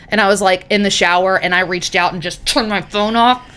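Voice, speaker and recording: A woman co-hosting a podcast in casual chat, loud and profane, telling stories animatedly. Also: medium pitch, steady tone, a little fast, clean tone. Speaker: podcast co-host.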